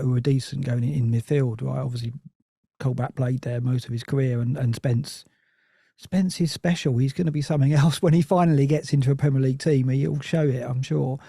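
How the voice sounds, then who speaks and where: This medium-pitched man sounds creaky and dark, with a breathy edge, recorded dry in studio quality. He's a Nottingham Forest supporter guesting on a football podcast, chatting loosely and constantly interrupting and restarting himself.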